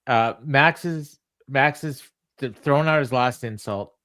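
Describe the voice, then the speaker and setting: A man's voice: mid-range voice, unhurried, bright, forceful tone, no room sound. A man co-hosting a wrestling podcast, recapping a show in casual chat and laughing often. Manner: storytelling with frequent laughs. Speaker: podcast co-host. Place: home studio on remote call.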